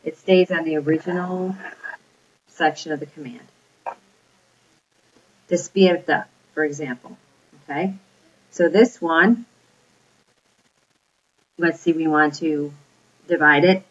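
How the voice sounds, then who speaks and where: A woman's voice: low-pitched, fairly even intonation, slow, long pauses. A woman teaching a Spanish grammar lesson, explaining patiently step by step and checking in with her students. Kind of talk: recorded classroom lecture. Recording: dull lo-fi recording.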